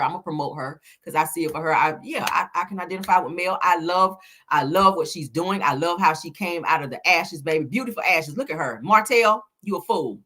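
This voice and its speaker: A woman's voice: lowish voice, fairly bright tone. A woman giving casual celebrity gossip commentary in a sassy, emphatic way, peppering her talk with "honey" and "child.".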